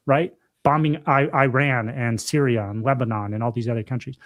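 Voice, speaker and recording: A man's voice: mid-range voice, fairly quick, few pauses. A young man co-hosting a podcast in casual chat, talking emphatically, repeating himself and calling his friend dude and bro. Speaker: podcast co-host.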